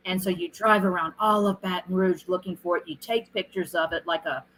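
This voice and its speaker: Animated, bright-voiced middle-aged woman. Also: on the low side, fairly quick, a little hiss or hum, poor audio. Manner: animated storyteller who acts out quoted lines. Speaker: guest, film director. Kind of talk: casual interview chat.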